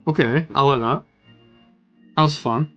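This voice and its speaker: Faint music sits under this young man's casual stream, where he reviews music in a medium-pitched, somewhat bright voice at a measured pace; the highs in the recording are cut off. He rambles loosely with fillers and an occasional swear.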